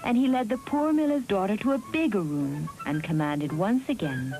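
A woman narrating a fairy tale in a measured, expressive storybook style. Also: medium pitch, over music, rough recording.

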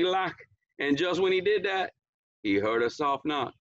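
A man's voice: on the high side, lively intonation, a little slow, a bit bright, no echo. A man reading a picture book aloud for a school story hour, in a folksy dialect with chatty asides. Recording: dull lo-fi, dry.

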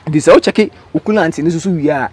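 A man's voice: a little high, quick pace, husky. A man with a Ghanaian accent, explaining car maintenance in a casual, repetitive way, mixing languages. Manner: explanatory, repeats a stock filler phrase. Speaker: mechanic explaining car care.

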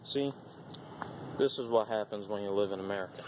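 A man's voice: on the low side, brisk, darkish tone. A man vlogging with playful, joking commentary while walking through a big retail store. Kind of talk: goofy vlog banter. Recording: noisy store ambience.

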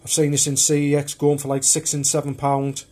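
This man's voice is fairly high and darkish, delivered completely flat at a fairly quick pace. On video he casually shows off his film collection, rambling and chatting in a loose, unpolished way.

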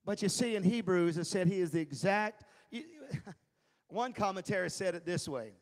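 High-voiced, emphatic preaching man. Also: animated, normal speed, in a large hall. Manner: emphatic, swings from hushed to near shouting, chuckles often. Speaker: pastor teaching an adult Bible class. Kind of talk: sermon-style Bible teaching. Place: church classroom.

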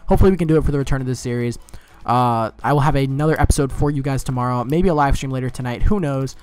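A man's voice: medium pitch, rapid-fire, darkish tone, clear, resonant tone. A man giving casual gameplay commentary, rambling and swearing freely as he gets flustered.

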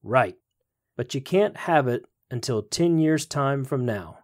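A man voicing a small, ugly, scheming male devil in a storybook tale, with a low sneering growl. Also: animated, slow. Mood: grim.

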